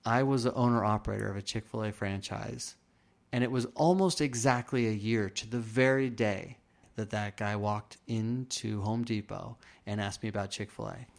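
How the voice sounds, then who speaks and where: A man's voice: on the low side, moderate pace, gravelly. A man being interviewed, earnestly telling a personal story, acting out the dialogue and often restarting his sentences. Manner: earnest, acts out quoted dialogue; frequent restarts and fillers. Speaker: interview guest.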